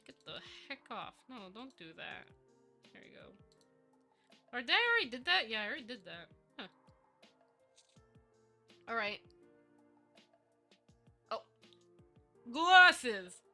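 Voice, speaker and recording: Bright high-voiced playful woman streamer. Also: lively intonation, normal speed, long pauses, faint music behind. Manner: playful, giggly, mock-villainous theatrics. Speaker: VTuber streamer and 3D modeler. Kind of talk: casual live stream chat.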